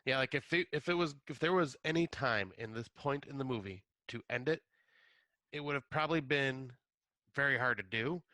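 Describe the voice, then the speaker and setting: A man's voice: mid-range voice, normal speed, bright, forceful tone, no room sound. A man co-hosting a podcast in casual chat, agreeable and hedging, who acts out lines of dialogue in a raised voice. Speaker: podcast co-host.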